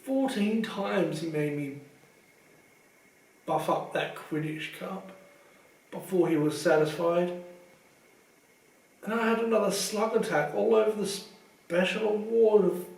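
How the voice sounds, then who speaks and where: A man's voice: high voice, slow pace, gravelly, pauses often, darkish tone, roomy sound, far from the mic, exaggerated voice, low-quality recording. A man voicing a tired teenage boy wizard who groans and grumbles. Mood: grumbling. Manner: groaning, complaining.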